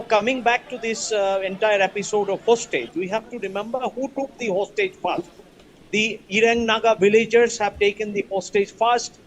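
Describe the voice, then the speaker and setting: Firm high-voiced professor, lecturing. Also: male voice, rough recording. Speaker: professor, panelist. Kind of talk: news debate analysis.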